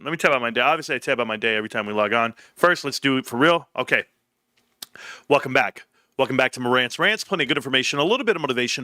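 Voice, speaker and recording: Excitable bright-voiced male stream host. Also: very fast, dry recording, studio quality. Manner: excitable storyteller, jumps high when quoting others. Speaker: livestream host. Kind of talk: casual livestream chat. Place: home, evening livestream.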